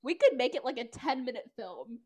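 A young woman co-host with a high, bright-pitched voice that swoops widely as she tells a story. She giggles often and acts out little scenes in a loose, chatty way. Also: lively intonation, a little fast. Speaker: podcast co-host. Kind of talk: casual chat.

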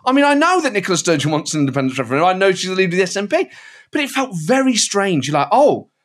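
Animated guy on a podcast, voice jumping all over the place, kinda high. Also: rapid-fire. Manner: animated, storytelling, slips into impressions. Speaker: guest, satirist and impressionist. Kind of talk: casual podcast chat.

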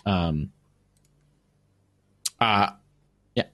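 A man's voice: low voice, drawn-out words, sharp tone. A man narrating as game master in a tabletop game, rambling with many fillers.

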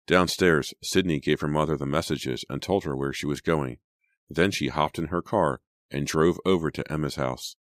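Deep-voiced male narrator for a teen thriller audiobook, measured, dry booth. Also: no echo. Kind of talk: scripted narration.

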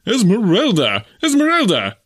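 A high, wildly swooping voice of a flustered, near-sighted old gentleman, as a storyteller puts him on. He yelps fussy formal exclamations, and the tone is slightly husky. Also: huge pitch swings, normal speed, heavily acted. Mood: panicked.

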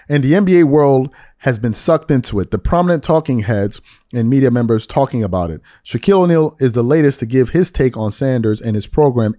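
Guy in his 40s doing a solo sports podcast, mid-pitch, animated mocking rants, dead dry mic. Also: no room sound. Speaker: podcast host.

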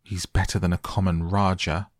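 A man's voice: sits low, flat delivery, moderate pace, no echo, clean studio sound. A man voicing a sour, stubborn little girl who snaps out fierce retorts.

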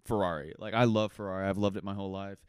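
A man's voice: low voice, steady tone, rapid-fire, darkish tone, smooth, no room sound, clean studio sound. A young man co-hosting a podcast, chatting about a film with enthusiasm and lots of fillers. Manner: enthusiastic, rambling with many fillers. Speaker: podcast co-host. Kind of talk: casual chat.

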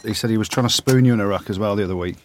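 A man's voice: fairly low pitch, rapid-fire, slight background noise. A man co-hosting a rugby podcast, chatty and teasing his guests. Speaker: podcast co-host. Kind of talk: casual chat.

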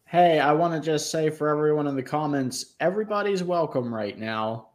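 A man's voice: fairly high pitch, moderate pace. A man co-hosting a casual live stream, making teasing wisecracks at the others.

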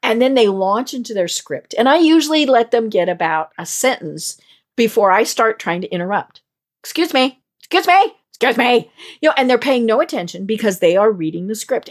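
A woman from the mountains of Colorado hosting a casual conversation, chatty and quick to murmur agreement. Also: a little high. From Colorado mountains, USA. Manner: animated, frequent affirming murmurs.

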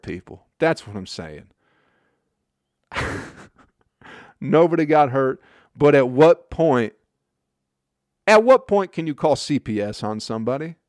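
A man hosting a show, telling a story in a profane, rambling comedic monologue with deadpan asides. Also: medium pitch, no room sound, clean studio sound. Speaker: podcast host.

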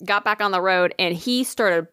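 A woman's voice: mid-range voice, normal speed, clear, resonant tone, no echo, clean studio sound. A woman telling a long story in casual chat, swearing freely and acting out what people said. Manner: animated storytelling, frequent swearing, acts out quoted dialogue.

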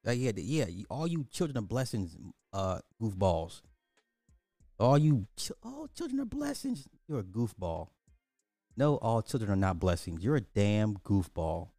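A man's voice: lowish voice, sing-song, a little slow, warm tone, no room sound, studio quality, soft background music. A man giving casual commentary, ranting crudely and repeating himself in disbelief. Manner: crude, repetitive, incredulous ranting. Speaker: online commentator.

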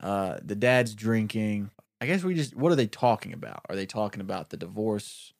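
A man's voice: on the low side, expressive, moderate pace, vocal fry, no echo, studio quality. A man in casual conversation, brainstorming a short film and acting out lines in playful voices.

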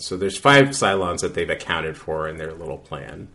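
A man's voice: deep voice, fairly even intonation, measured pace, few pauses, a bit bright. A man co-hosting a podcast, recapping an episode in a rambling, casual way with many fillers and restarts. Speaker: podcast co-host.

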